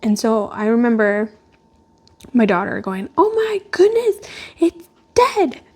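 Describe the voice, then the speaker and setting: A woman vlogs from home indoors beside a glass door, chatting casually and ramblingly with lots of fillers. Her voice is mid-range and a little mellow.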